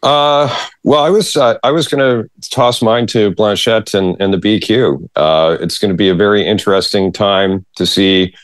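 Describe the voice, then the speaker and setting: A man on a political podcast panel, talking in a measured, halting way. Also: on the low side, dry recording. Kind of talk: casual podcast discussion.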